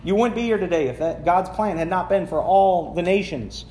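In a church sanctuary, a pastor preaches a sermon, reading scripture aloud and explaining it conversationally while posing questions to the congregation. His voice sits high and warm at a moderate pace, and the roomy recording carries a little hiss or hum.

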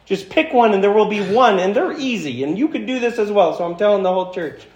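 Pastor guy preaching a sermon, kinda high voice, lots of echo in the church. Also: lively intonation, darkish tone, dull audio. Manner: earnest, emphatic preaching with slowed, stressed phrases. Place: church sanctuary. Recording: echoey church hall.

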